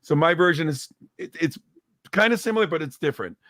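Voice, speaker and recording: Brief: man, 50s, talkative singer, slightly high voice, dry close sound, lively story delivery. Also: fairly quick, no room sound. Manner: animated storyteller, repeats words when starting. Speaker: guest singer. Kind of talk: casual chat over video call.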